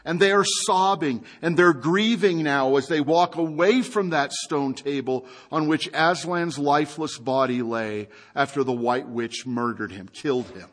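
A man preaching a sermon, retelling a story with animated rhetorical questions to his congregation. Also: on the high side, a little slow, few pauses. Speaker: pastor.

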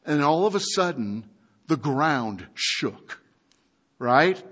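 Brief: male pastor, high voice, unhurried sermon delivery, lively storyteller asking the room questions. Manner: animated storytelling with rhetorical questions.

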